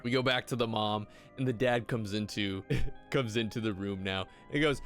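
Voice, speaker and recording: A man's voice: medium pitch, normal speed, a bit bright, faint music behind. A man recapping a TV episode for a video in a casual, mocking, irreverent way. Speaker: YouTube commentator.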